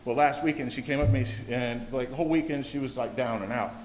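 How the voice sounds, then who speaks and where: A man's voice: medium pitch, fast talker, darkish tone. Earnest father pleading at a board meeting. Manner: earnest, pleading, repeats himself. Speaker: parent giving public comment. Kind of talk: public comment at a school board meeting. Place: school board meeting room. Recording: echoey meeting hall, faint background hiss.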